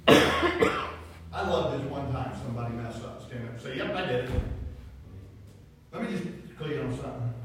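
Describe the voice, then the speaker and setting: A man's voice: mid-range voice, slight background noise. A man preaching a sermon to a congregation, telling folksy stories with rising emphasis. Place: church sanctuary. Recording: echoey church hall from a distance.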